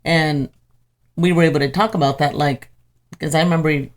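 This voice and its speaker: A woman's voice: sits low, fairly even intonation, a little fast. A woman co-hosting a faith-based marriage talk, chatty and supportive, sharing stories in a casual way. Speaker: co-host of a Christian marriage show.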